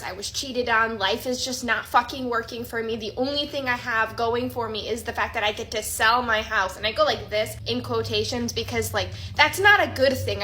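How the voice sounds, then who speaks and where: A woman's voice: on the high side, sharp tone, slight background noise. A woman vlogger venting to camera, exasperated and swearing, repeating herself.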